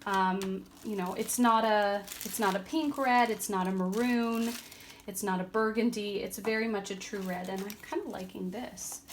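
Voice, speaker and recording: A woman vlogger giving a casual, chatty craft tutorial at home, relaxed, with frequent ums and a tired, yawning edge. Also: mid-range voice, moderate pace, a little hiss or hum. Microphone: camera on a tripod.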